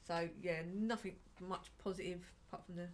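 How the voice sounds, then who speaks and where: A woman's voice: lowish voice, steady tone, normal speed. Sarcastic woman, casual film chat. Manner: sarcastic, hesitant, lots of agreeing murmurs. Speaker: co-host reviewing a film.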